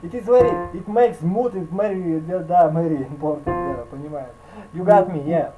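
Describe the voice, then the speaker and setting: A man with a Russian accent teaching piano in a video call, speaking halting English mixed with Russian fillers and scatting melodies. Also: fairly high pitch, rough recording. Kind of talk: online piano lesson.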